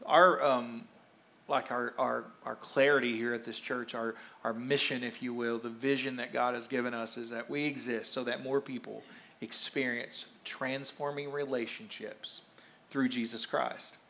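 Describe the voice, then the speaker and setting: A man's voice: medium pitch, little pitch movement, moderate pace, gravelly, sharp tone, slight background noise. A man, a pastor, interviewing church members and preaching on a church stage in a conversational, encouraging way. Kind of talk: sermon and interview of congregants.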